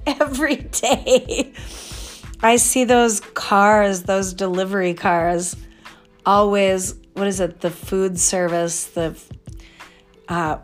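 A woman in her fifties rambles through a casual solo talk at an unhurried pace, drifting off topic and laughing at herself. Her pitch sits in a middling range. Faint music plays behind her voice. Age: 50s. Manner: chatty, digressive, laughing asides. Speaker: podcast host and astrologer.

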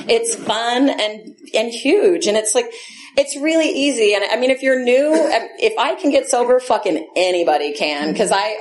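A woman in her forties sharing her recovery story at a meeting, blunt and profane, laughing often as she talks into a handheld microphone. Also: a little high. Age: 40s. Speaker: AA meeting speaker. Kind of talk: candid personal recovery share. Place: meeting room.

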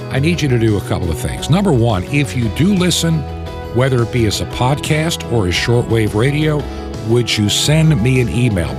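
A man speaks as a radio host, making a plain appeal for listener support. He spells out contact details slowly and repeats them. A clear music bed plays under his voice. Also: mid-range voice. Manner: repeats addresses and numbers slowly and carefully.

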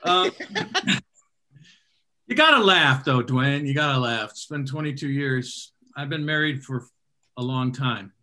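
A man's voice: medium pitch, expressive, unhurried, long pauses, bright, forceful tone. A middle-aged man hosting a comedy show, rambling with self-deprecating asides. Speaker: show host.

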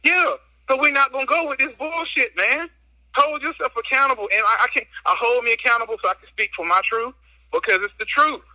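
A man's voice: very high voice, fairly quick, bright, forceful tone, no echo, poor audio. A man guest on a casual podcast, talking through a phone while out on a walk, slightly out of breath, emphatic and slangy as he vents. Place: outdoors on a walk.

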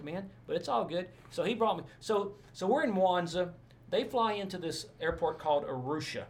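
A man, a pastor, telling stories in a casual interview, rambling and animated with many asides. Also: high-pitched, fairly quick.

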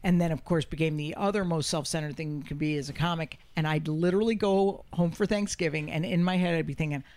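A woman's voice: deep voice, steady tone, fast talker, darkish tone. A woman hosting a podcast, chatting casually, blunt and joking, swearing freely. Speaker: podcast host. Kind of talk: casual chat.

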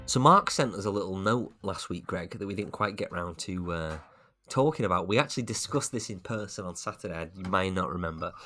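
A man's voice: low voice, lively intonation, fairly quick. A man co-hosting a casual podcast, chatting about film news with wry asides and frequent laughter. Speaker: podcast co-host.

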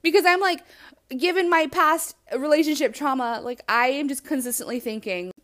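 A woman hosting a podcast, talking alone in a blunt, animated and self-reflective way and swearing freely. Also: sits high, normal speed. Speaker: podcast host. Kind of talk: candid solo monologue.

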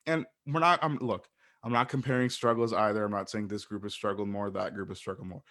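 A man's voice: fairly low pitch, steady tone, fairly quick, a bit bright. A man talking in a casual podcast chat, passionate and rambling, swearing freely as he makes his point.

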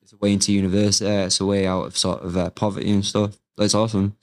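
A man's voice: fairly low pitch, flat delivery, fast. A man, a grappling coach chatting casually in an interview, rambling with many fillers. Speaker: MMA fighter and grappling coach, guest.

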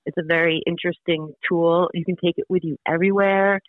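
A woman's voice: on the low side, steady tone, quick pace, dry recording. Bubbly woman on a tinny call line. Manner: bubbly and enthusiastic, chatty with many fillers. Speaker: guest. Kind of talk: casual interview.

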